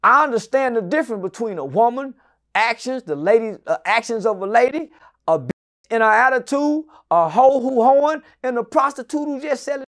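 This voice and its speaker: A man in his forties telling stories as an interview guest, loud and profane, often shouting and then dropping into low muttered asides. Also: lively intonation, normal speed. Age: 40s. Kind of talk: animated storytelling in an interview.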